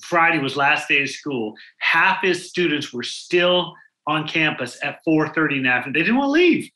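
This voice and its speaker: Male guest, forceful bright voice, high-ish, echoey room, lively anecdotal storyteller. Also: moderate pace. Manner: animated, acts out quoted people in his anecdotes. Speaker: guest speaker on school culture. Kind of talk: storytelling interview answers.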